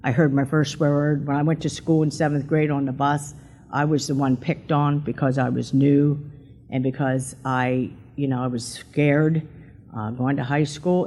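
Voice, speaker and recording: A woman's voice: deep voice, a little mellow, a little hiss or hum. Older church woman, talkative testimony giver, plays out the quotes. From Pennsylvania. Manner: chatty storyteller, acts out quotes in a raised voice. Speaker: church member giving testimony. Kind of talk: personal testimony to a congregation.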